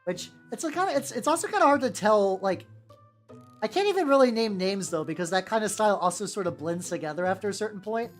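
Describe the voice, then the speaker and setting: A woman's voice: medium pitch, expressive, quick pace. A woman streaming as she paints miniatures, chatting casually, stammering, repeating herself and swearing freely. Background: faint background music.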